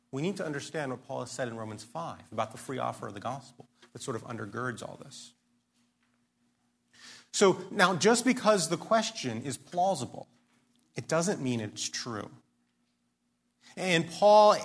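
Male pastor, sermon, earnest, emphatic, questioning, slightly high-pitched. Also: fairly bright tone.

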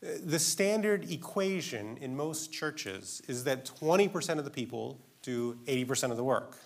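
A man's voice: mid-range voice, animated, moderate pace, vocal fry. A man preaching a sermon in an earnest, emphatic way, asking his listeners direct questions.

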